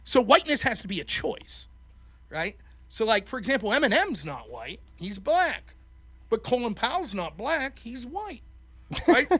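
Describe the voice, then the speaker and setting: A middle-aged man from Pennsylvania, hosting a call-in show and telling a profane, animated story that acts out every quote. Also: very high voice, unhurried, husky, no room sound. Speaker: host.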